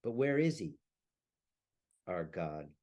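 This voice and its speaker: A man's voice: low-pitched, sing-song, takes it slowly, a little mellow, exaggerated voice. A man reading as a grieving old saddle maker. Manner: lamenting, rising to furious curses. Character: elderly grieving Jewish saddle maker, bitter, cursing.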